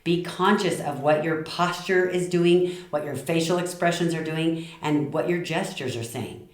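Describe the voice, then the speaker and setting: A middle-aged woman giving tips on communication, passionate and lively, acting out short quoted lines. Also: deep voice, measured pace, reverberant. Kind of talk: talk to camera.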